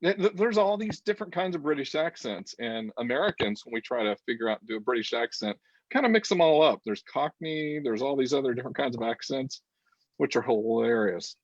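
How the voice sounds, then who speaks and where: A man's voice: mid-range voice, animated, brisk, no room sound, highs cut off. A man co-hosting a casual chat show over a video call, rambling and laughing often. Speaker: co-host.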